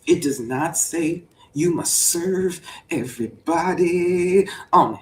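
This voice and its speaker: A woman giving a playful sermon-style riff on a voice call, preachy and repetitive, bursting into high whoops. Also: slow, hardly any pauses. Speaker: show participant preaching to the group. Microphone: voice chat mic. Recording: roomy, distant voice chat audio, faint hum.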